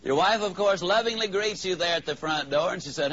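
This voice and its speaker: Animated high-voiced male motivational speaker. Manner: animated, drawn-out emphasis on punchlines. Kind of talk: storytelling speech to a live audience. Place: in front of an audience. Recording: slightly dull, faint background hiss.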